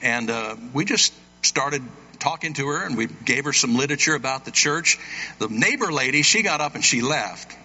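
A man preaches a story-driven sermon in a long-echoing hall, and the recording sounds somewhat dull and lo-fi. His voice is bright and a little husky, with a mid-high pitch. He shifts his pitch sharply whenever he acts out the people in his story. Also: normal speed. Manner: animated, acts out quoted voices with big pitch jumps.

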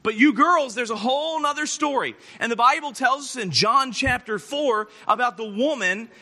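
A man preaching a lively children's sermon at a camp, reading scripture aloud and retelling the stories. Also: very high-pitched, moderate pace. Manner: lively storytelling to kids, reads scripture aloud.

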